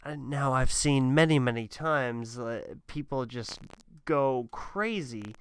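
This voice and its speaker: A man speaking slowly and deliberately, with a smooth, clean voice, in a dry close-up recording. His commentary is sarcastic and mocking, full of deadpan asides. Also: medium pitch, no room sound. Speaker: commentator reacting to a clip.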